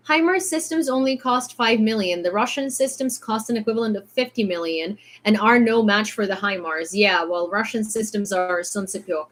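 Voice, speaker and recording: A woman's voice: fairly high pitch, a bit bright. A woman from Ukraine with a mildly American-sounding accent in English, reading news on a stream and chatting through it with many fillers. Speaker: news livestreamer. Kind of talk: casual news commentary stream.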